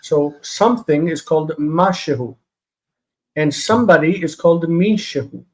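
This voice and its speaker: A man leading a live online Hebrew grammar class, explaining patiently and reading Hebrew aloud quickly. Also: on the high side, animated, a little mellow, poor audio.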